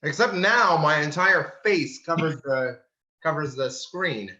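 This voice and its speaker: A man's voice: fairly high pitch, bright, forceful tone. Jokey man in an echoey gym. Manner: halting, many fillers and restarts, jokey. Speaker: podcast co-host. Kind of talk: casual chat with jokes. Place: large empty school gym. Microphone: computer mic on a video call. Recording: echoey gym, dull call audio.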